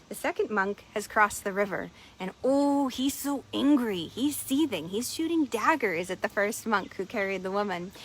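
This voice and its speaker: A woman's voice: mid-range voice, fairly bright tone, slight background noise. A middle-aged woman coach telling a story in an encouraging tone and shifting her pace vividly. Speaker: energy and productivity coach. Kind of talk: storytelling talk.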